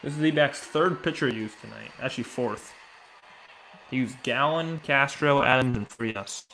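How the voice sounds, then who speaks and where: A man giving casual live baseball play-by-play, chatting with viewers and reacting excitedly between pitches. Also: measured pace, a little hiss or hum. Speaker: live sports commentator.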